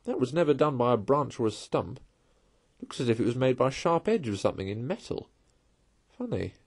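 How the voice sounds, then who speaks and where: A man reading a storybook aloud and voicing a brisk, clever male water rat who speaks in an emphatic way with a husky voice. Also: mid-range voice, big pitch swings, a little mellow. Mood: thoughtful.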